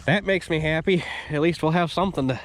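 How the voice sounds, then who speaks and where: A man's voice: on the high side, quick pace, slight background noise. A man with a stuffy, nasal voice, rambling in an upbeat way as he talks through a farm vlog outdoors by a field. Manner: rambling, upbeat, restarts often. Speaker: farm vlogger. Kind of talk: casual vlog commentary.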